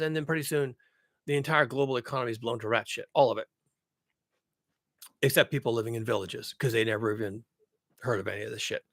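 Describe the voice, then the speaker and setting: A man's voice: mid-range voice, fast, pauses often, fairly bright tone, no echo, studio quality. Blunt, swearing man ranting. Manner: blunt, profane, emphatic, repeats his points. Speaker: vlogger. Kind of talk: ranting monologue to camera.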